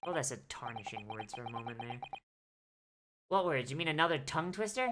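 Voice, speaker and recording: A woman's voice: extremely low pitch, expressive, a little fast, background noise. A young woman streaming a video game, reading its dialogue aloud in playful voices and joking with crude swearing. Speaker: VTuber streamer. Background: game music.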